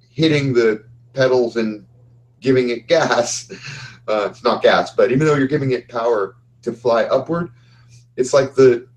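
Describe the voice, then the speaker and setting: Calm male game master narrating. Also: mid-range voice, poor audio. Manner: calm, descriptive storytelling.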